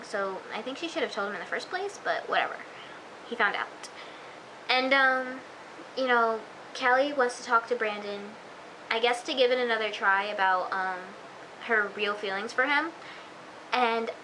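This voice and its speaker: A woman's voice: a little high, bright, forceful tone, slight background noise, low-quality recording. A woman recapping a TV episode in a chatty, gushing vlog style, full of fillers. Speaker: TV episode reviewer.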